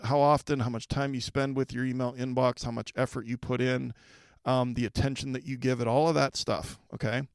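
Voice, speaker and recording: A man's voice: mid-range voice, smooth, no room sound. A man hosting a solo podcast for school leaders, talking conversationally and putting direct questions to the listener.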